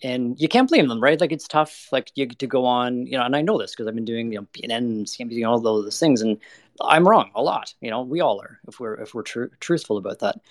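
A man's voice: mid-range voice, expressive, fast, dry recording. A man being interviewed about energy investing, talking bluntly and candidly, with lots of "like" and "you know.". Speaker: energy investment manager guest.

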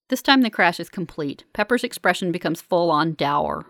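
A woman's voice: on the low side, expressive, normal speed, a bit bright, dry recording. Dry woman reading a first-person novel. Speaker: audiobook narrator. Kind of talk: first-person scripted narration.

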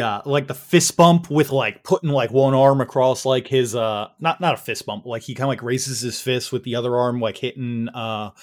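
A man narrating a tabletop game as game master, rambling and halting, with frequent fillers and restarts. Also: mid-range voice.

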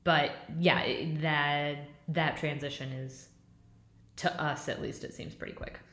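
A woman's voice: low-pitched, fairly even intonation, measured pace, a bit bright. A woman co-hosting a podcast, chatting casually about movies in a teasing, wry way. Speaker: podcast co-host. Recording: roomy echo.

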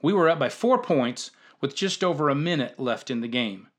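A man with a slightly high voice tells a humorous story from his years coaching youth football. He narrates in a lively way and acts out the dialogue. He is the host of a storytelling show. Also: moderate pace.

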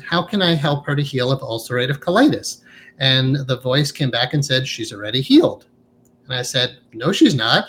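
A man's voice: medium pitch, fairly bright tone, slight background noise. A man being interviewed as a hypnotherapist, talking in an earnest, reflective way and often tagging his points with a questioning "right?". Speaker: guest, hypnotherapist. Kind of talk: conversational interview.

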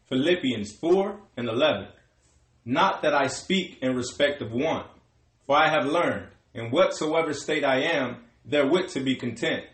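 A man reading verses aloud in a steady, formal way during a sermon. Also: mid-range voice, measured pace, roomy sound. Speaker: scripture reader.

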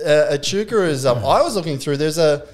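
A man's voice: fairly high pitch, lively intonation, a little fast. A man on a podcast, bantering and teasing his co-hosts in casual chat. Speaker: podcast co-host.

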